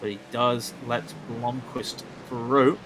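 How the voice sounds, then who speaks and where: A young man calls a sim race with a bright, forceful voice. He banters easily and tosses in quick asides. A faint background hiss sits under the recording. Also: mid-range voice, fairly even intonation. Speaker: race commentator. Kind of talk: sim racing commentary.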